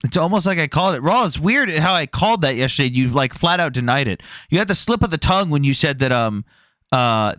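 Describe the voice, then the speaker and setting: A man's voice: medium pitch, a bit bright, no room sound. A man hosting a live debate stream, mocking callers and talking to his chat. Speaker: stream host.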